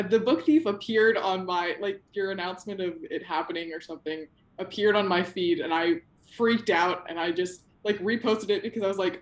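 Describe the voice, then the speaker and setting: A woman in her twenties interviewing over a video call, talking in an earnest, rambling way with lots of "like"s. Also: fairly low pitch.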